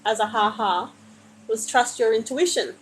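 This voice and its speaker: A woman reading tarot cards for viewers on a live stream, calmly reassuring them and calling them honey. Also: on the high side, normal speed, slight background noise, low-quality recording. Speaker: tarot card reader. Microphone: phone.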